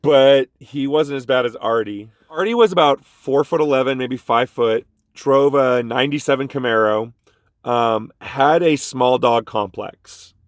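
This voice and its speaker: A man's voice: mid-range voice, unhurried, no room sound, clean studio sound. A man telling a casual story about a bad job to his vlog audience, jumping into the voices of the people in it. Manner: animated, jumps into quoted voices. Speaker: vlogger.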